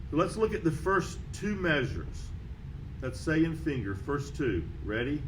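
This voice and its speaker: Man, slightly high voice, band teacher; steady note-calling and count-ins, faint hiss. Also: measured pace, low-quality recording. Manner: counts off and calls out notes steadily. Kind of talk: instrument lesson walkthrough.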